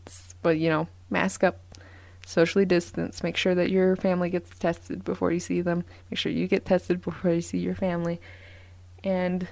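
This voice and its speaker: A woman's voice: lowish voice, little pitch movement, moderate pace, gravelly, a little mellow, no echo. A young woman hosting a casual solo podcast, rambling with lots of ums and restarts. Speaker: podcast host.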